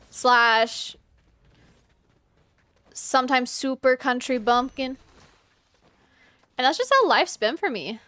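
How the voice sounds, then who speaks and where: A woman with a Virginian Southern accent, chatting casually and rambling while she streams a game, with frequent "like"s and quick laughs. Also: sits high, a bit bright, clean tone. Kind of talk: casual live-stream chat while gaming.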